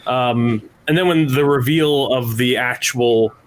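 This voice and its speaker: A man's voice: medium pitch, measured pace. A man on a tabletop role-play podcast, talking casually and rambling through his thoughts with many restarts. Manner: rambling, self-interrupting, laughs often. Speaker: podcast player. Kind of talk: casual chat.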